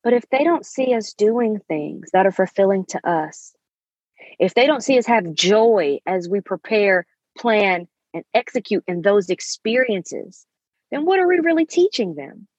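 A woman's voice: medium pitch, lively intonation, measured pace, darkish tone, husky, dry recording, muffled recording. Emphatic woman in her 30s podcasting. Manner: emphatic, preachy, uses endearments. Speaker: podcast host. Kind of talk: motivational podcast monologue.

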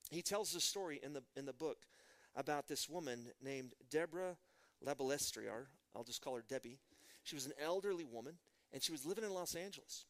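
Fast-talking pastor, man. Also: on the high side. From Midland, Texas. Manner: animated storytelling with rhetorical questions. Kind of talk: sermon.

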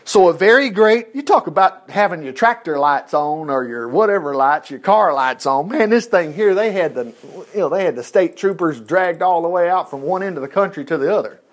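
A man's voice: fairly high pitch, lively intonation, a little fast, hardly any pauses. A man preaching a sermon, reading scripture aloud and breaking in with folksy, laughing asides and acted-out voices.

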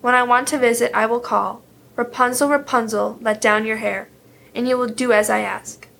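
A stern, sly enchantress from a storybook, cold and commanding, voiced by a woman reader with a gravelly edge in a somewhat high voice. Every line comes out clipped and controlling. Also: steady tone, moderate pace, fairly bright tone, slight background noise.

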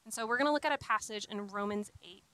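Bright, earnest young woman preaching. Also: mid-range voice, fast talker, dry recording, low-quality recording. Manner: earnest, conversational, with frequent "like" and restarts. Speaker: speaker giving a talk on faith and singleness. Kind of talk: sermon.

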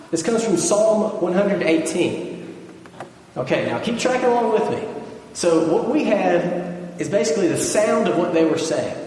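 A Southern American man preaches in a loose, conversational teaching style, stopping to make sure his listeners are keeping up. His voice sits a little high for a man. He is picked up from a distance, and the large hall around him rings with a long, heavy echo. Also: a little mellow, slight background noise. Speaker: pastor. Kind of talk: sermon. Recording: distant mic in echoey hall.

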